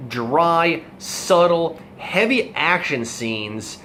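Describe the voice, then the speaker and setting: A man's voice: fairly high pitch, animated, very slow, pushed and bright, slight background noise. A young adult man giving a casual, rambling movie review, full of fillers and asides. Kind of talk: casual film review monologue.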